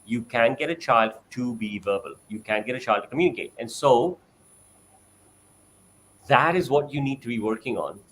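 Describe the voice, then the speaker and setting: A man's voice: normal speed, a little hiss or hum. A man on a video call explaining how parents can coach a child, animatedly acting out parent-child exchanges. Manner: acts out parent-child exchanges in a bright high voice. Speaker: parent sharing experience.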